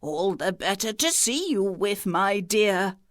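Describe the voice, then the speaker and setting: A woman's voice: medium pitch, sing-song, takes it slowly, no room sound, clean studio sound. Woman putting on a sneaky sweet-talking wolf. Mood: croaking. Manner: falsely sweet, croaking.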